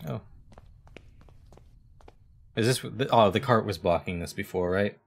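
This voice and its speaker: A man's voice: on the low side, a little slow, creaky. A man streaming a game live, commenting wryly and reading the on-screen text aloud. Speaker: gaming streamer.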